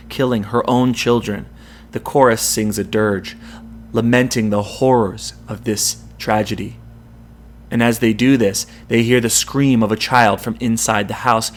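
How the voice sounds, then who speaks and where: A man hosting a podcast, retelling a Greek tragedy in a dramatic storytelling manner. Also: mid-range voice. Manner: dramatic storytelling with quoted lines. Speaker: podcast host.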